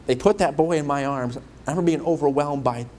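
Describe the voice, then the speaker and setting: A young man preaching as an evangelist, telling a personal story in a conversational, self-deprecating way, rushing some phrases and slowing for emphasis. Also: on the high side, a little mellow, a little hiss or hum. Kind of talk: sermon.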